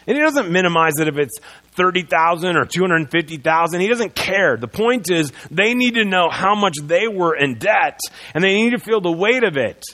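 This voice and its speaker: Animated preaching pastor, loud then hushed. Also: male voice, high voice, normal speed. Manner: animated, swings between loud proclaiming and quiet earnest stretches. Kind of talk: sermon. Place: church sanctuary.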